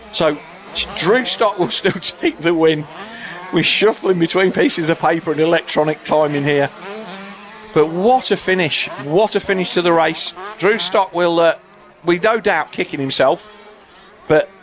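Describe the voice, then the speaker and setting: A man commentating live on a motocross race, excitable and breathless with quick-fire calls. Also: a little high.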